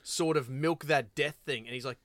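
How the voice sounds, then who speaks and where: A man co-hosting a podcast, telling a story in a casual chat with animated laughs. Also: medium pitch, moderate pace, dry recording. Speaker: podcast co-host.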